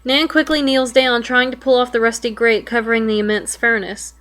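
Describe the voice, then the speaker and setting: A woman's voice: on the high side, flat delivery, fairly quick, a bit bright. A young woman reading a web story aloud and reacting to it in casual chat, swearing and breaking into alarmed exclamations. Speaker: web fiction reader reacting.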